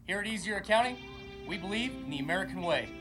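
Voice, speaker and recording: A man as spokesman in a scripted comedic commercial, giving a deadpan, earnest sales pitch. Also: fast, poor audio. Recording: ad audio with loud music.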